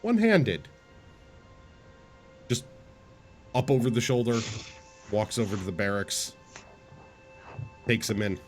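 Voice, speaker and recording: A man's voice: fairly low pitch, sing-song, slow pace, pauses often, soft background music. A man narrating as game master, describing the scene in short clipped phrases.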